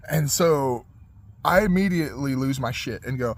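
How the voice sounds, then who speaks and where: A man's voice: mid-range voice, lively intonation, normal speed. A man in his forties, a podcast host, telling a personal story in casual, rambling speech with fillers, restarts and frequent laughter.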